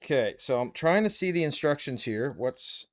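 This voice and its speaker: A man keeps up casual chatter with his viewers while building a model kit on stream, muttering to himself now and then. He speaks at normal speed with a medium pitch and lively intonation.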